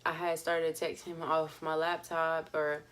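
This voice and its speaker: Low-voiced young woman telling a story. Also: flat delivery, measured pace, a bit bright. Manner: chatty, full of fillers and laughs. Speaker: vlogger. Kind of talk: casual story time.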